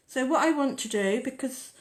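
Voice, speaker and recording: A woman with a slightly high voice hosts a relaxed nail-art tutorial. She chats and rambles while she works and explains each step in an easygoing way. Her talk is friendly and unscripted. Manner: chatty, rambling, talks while working. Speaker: nail artist hosting a tutorial.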